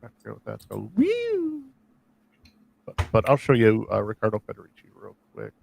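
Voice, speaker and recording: Gravelly man chatting on a live stream. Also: lowish voice, little pitch movement, fast talker, a little hiss or hum. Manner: rambling, self-deprecating jokes. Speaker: co-host. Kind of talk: casual chat on a live stream.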